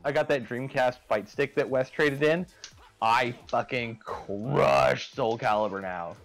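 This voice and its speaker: A man's voice: medium pitch, measured pace, gravelly, faint music behind. Nasal lispy man cracking sarcastic jokes. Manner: crude sarcastic joking. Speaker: stream co-host. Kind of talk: casual gaming chat.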